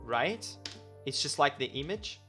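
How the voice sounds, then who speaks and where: Casual male streamer, mid-pitched, thinking out loud while coding, quick to correct himself; low music bed. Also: lively intonation. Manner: talks himself through each step, reads instructions aloud, corrects himself often.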